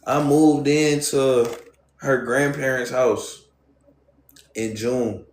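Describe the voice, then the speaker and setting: Young man, streamer, casual storytime, profane street slang, mid-pitched voice, roomy echo. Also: steady tone, very slow, slight background noise. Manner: loose, profane, street slang, speaks straight to viewers. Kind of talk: casual storytime to a live chat.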